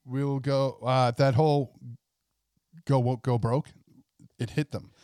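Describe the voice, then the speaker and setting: A man's voice: mid-range voice, steady tone, slow, a little mellow, clear, resonant tone, no room sound, studio quality. A man co-hosting a casual podcast, reading a letter aloud with mocking commentary. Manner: reads a corporate letter aloud in a mock voice. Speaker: podcast co-host.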